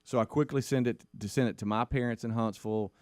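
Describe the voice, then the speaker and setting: A middle-aged man, co-hosting a radio talk show and telling a long personal story in casual chat, animated and playing out the other people in it. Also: fast talker, no echo, studio quality. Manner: animated storyteller who acts out quotes in a higher voice.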